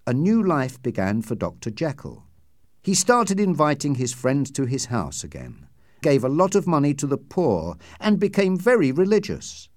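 Man narrating with a very lively pitch. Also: no echo, studio quality. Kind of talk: audiobook narration.

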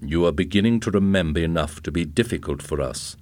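A man reading aloud and voicing a calm, menacing police officer who speaks coolly and matter-of-factly. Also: low-pitched, a little fast, no room sound, natural voice.

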